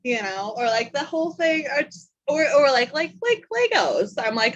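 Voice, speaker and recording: A woman's voice: high-pitched, sing-song, normal speed, few pauses, rough recording. A mother in a casual video-call chat, telling an exasperated story about her kids.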